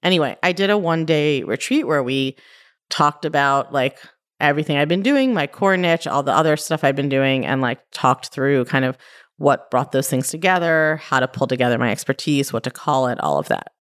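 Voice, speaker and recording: Low-voiced woman podcaster, chatty and blunt. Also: animated, normal speed. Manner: conversational, frequent "like" and "right?", mild swearing. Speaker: podcast host and life coach. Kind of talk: casual solo podcast talk.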